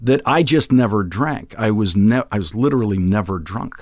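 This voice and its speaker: An older man from Boston with a faint Boston accent under a trained general American voice, telling stories in a casual, animated podcast chat and often repeating words as he starts a thought. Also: on the low side, moderate pace, no echo, studio quality. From Boston, USA. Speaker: guest, TV news host.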